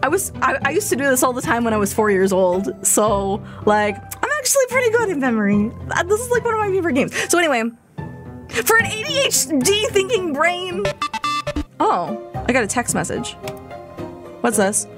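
A young woman streams a game and chats to her viewers in a relaxed, unhurried way. Her pitch sits a little high and swings widely as she mutters, repeats words and giggles. Game music plays clearly behind her voice. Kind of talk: casual live gameplay chat.

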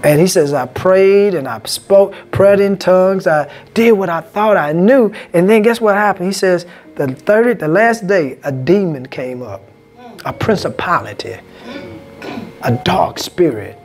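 Male pastor, preaching in a church, pitch rising and falling widely, call-and-response delivery. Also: animated, a little slow, darkish tone, soft background music. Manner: call-and-response, asks congregation "Amen?". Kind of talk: sermon. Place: church sanctuary.

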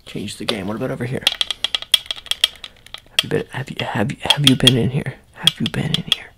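A gravelly, fry-edged man doing a whispered role-play, mid-pitched and meandering in a playful way. He slips between soft speech and breathy whispers. A loud hiss sits under the whole recording. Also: fairly quick. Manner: playful, rambling, soft-spoken, slipping in and out of whispers. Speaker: ASMR roleplay host.

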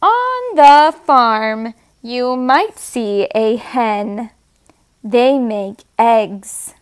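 A woman reading picture books aloud to toddlers in a slow, sing-song way, making animal sounds and asking them to point. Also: on the high side, expressive, clear, resonant tone. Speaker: storyteller.

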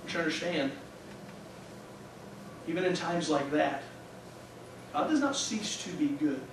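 A man's voice: a little high, very animated, measured pace. A man in his thirties, a pastor, preaching a sermon with an earnest, heartfelt personal story and interjected praise. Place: church sanctuary. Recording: echoey church from a distance, faint hum.

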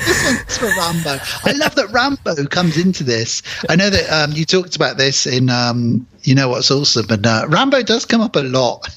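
A man's voice: fairly high pitch, moderate pace, hardly any pauses. A man guesting on a movie podcast, chatting casually and acting out lines from the film. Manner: animated, acts out lines from the movie.

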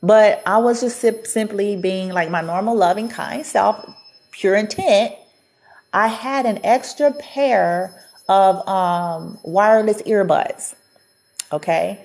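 A woman's voice: mid-range voice, a little mellow. A woman vlogger telling a personal story in a chatty, casual way, often laughing and acting out what people said.

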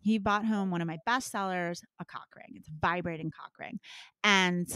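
A middle-aged woman speaking as a guest on a podcast, telling frank stories in an animated way that swings from soft asides to loud bursts. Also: fairly low pitch, normal speed, clear, resonant tone, no echo. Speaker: guest, intimacy business owner. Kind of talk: candid podcast interview.

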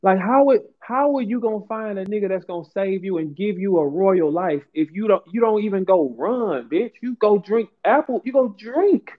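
A man's voice: normal speed, few pauses. A man hosting a casual chat, ranting with big swings in his voice. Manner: animated ranting, swings high and low. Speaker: host. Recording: tinny phone-like line.

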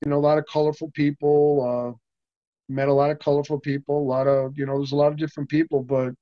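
A little fast and flat in delivery, an older stuntman with a slightly high voice rambles through a casual story as an interview guest. He keeps restarting and voices the dialogue of others. The recording is dry and somewhat muffled, with no room sound.

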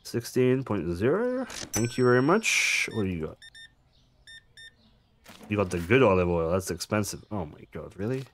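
A man's voice: low-pitched, big pitch swings, normal speed, pauses often, a little mellow, slight background noise. A man casually commenting on his gameplay, chatty and jokey, swearing now and then and making asides to his viewers. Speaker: gaming streamer.

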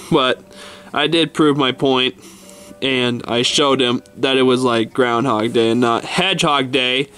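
A man's voice: medium pitch, a bit bright, close to an everyday voice. A man voicing Mario as a short-tempered plumber who rants and swears when angry. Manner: exasperated, swearing, ranting. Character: Mario, short-tempered adult male plumber, easily enraged. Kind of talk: toy stop-motion fan skit voice.

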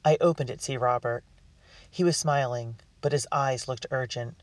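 A man narrating a storybook in the first person with an earnest, expressive delivery. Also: medium pitch, normal speed, dry recording. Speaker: audiobook reader. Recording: dry, distant mic.

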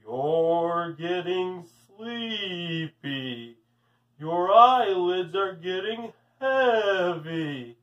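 A man voicing a calm, sly male psychiatrist who speaks slowly in a gentle but strong voice. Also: recorded from a distance, lo-fi sound. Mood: hypnotic. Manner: low, slow, gentle and strong.

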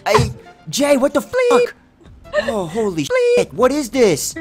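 Panicky young Boston fisherman, shrieks high over loud music, swoops wildly. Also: huge pitch swings, slow, heavily acted. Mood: freaking out.

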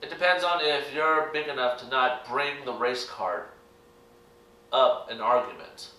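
A young American YouTuber shares an earnest, rambling opinion with his channel's viewers in a reaction vlog. His mid-range voice is sharp in tone and unhurried, and the distant mic picks up an echoey room.

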